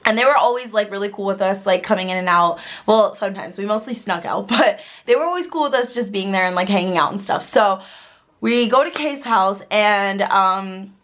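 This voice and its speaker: A woman in her twenties telling a story to camera in a chatty, filler-heavy way, bursting into excited quoted voices. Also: mid-range voice, normal speed. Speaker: vlogger. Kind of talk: casual storytime vlog.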